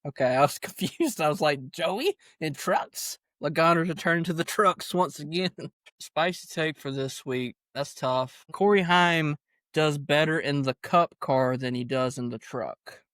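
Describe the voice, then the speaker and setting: A man's voice: fairly high pitch, fairly even intonation, measured pace, a bit bright, dry recording. A young man co-hosting a casual sports podcast, joking and laughing often as he talks. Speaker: podcast co-host.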